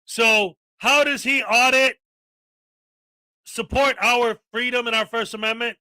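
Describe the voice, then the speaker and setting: A man with a high, very bright voice rants through a casual live-stream chat and reels off long lists. The sound is close and dry. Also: steady tone, a little slow, no echo, low-quality recording.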